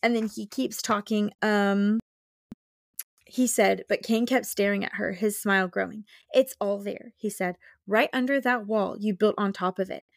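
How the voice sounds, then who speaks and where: Animated young woman chatting about a book. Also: medium pitch, normal speed, gravelly, dry recording, clean studio sound. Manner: animated, reads book passages aloud and acts out characters. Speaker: podcast co-host. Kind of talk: casual book-club chat.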